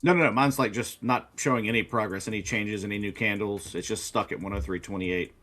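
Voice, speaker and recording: A man's voice: on the low side, steady tone, a little fast, a bit bright. Laid-back male co-host with dry wit. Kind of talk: live trading stream chat. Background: faint music.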